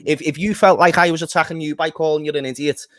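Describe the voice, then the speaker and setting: A man's voice: on the high side, steady tone, fast, fairly bright tone, no room sound. A man co-hosting a football fan chat, talking passionately, ranting and swearing freely. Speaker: fan channel co-host.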